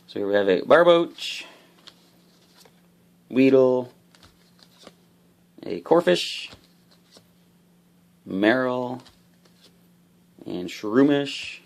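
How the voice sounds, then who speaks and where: A man casually opening trading card packs, explaining each card's rules with bursts of excitement. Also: medium pitch, creaky. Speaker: card unboxing host. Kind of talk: casual unboxing commentary.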